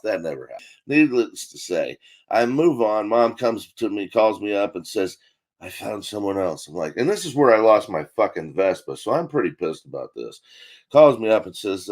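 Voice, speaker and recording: A middle-aged man telling a long comic story on a talk show, swearing freely and acting out quotes in a deadpan way. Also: on the low side, normal speed. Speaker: comedian guest. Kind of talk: profane storytelling.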